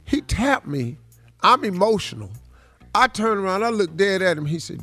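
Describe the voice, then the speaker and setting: A man's voice: sits high, very animated, normal speed, fairly bright tone, soft background music. A male radio morning show host in a studio, talking in a laid-back, slangy way and telling stories in casual chat. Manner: laid-back and slangy, often says "dog" and "man". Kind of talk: casual storytelling chat and motivational talk.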